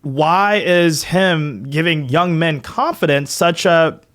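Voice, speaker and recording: Man on a podcast, kinda high voice, earnest, says um and uh a lot. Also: slow, a bit bright. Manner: earnest, many fillers. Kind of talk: casual chat.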